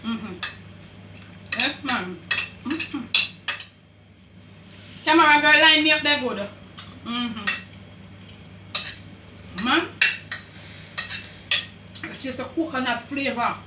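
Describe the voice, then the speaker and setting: Directing the camera through a home kitchen cooking show, this older Jamaican host keeps up a chatty stream full of patois asides. She sits high in pitch, draws out her words and pauses often, heard in a roomy space with noisy background.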